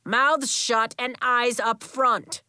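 A woman voicing a booming, enthusiastic male gym coach in a children's audiobook, calling out to a room of kids. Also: animated, moderate pace, no room sound, studio quality, close to an everyday voice. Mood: commanding. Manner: booming, rallying.

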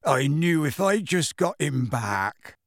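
A man voicing a big, bearded half-giant man who speaks in rough, homely grammar, earnest and close to tears. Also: mid-range voice, big pitch swings, takes it slowly, no room sound, full character voice. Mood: earnest, pleading.

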